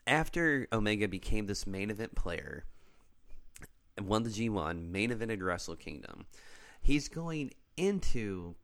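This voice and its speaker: A man with a very low voice co-hosts a relaxed chat. He lays out the story piece by piece and keeps checking that his listener is following. His delivery is easygoing and conversational. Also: unhurried. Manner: storytelling, explains step by step with frequent "okay?" check-ins. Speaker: podcast co-host. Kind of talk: casual wrestling recap chat.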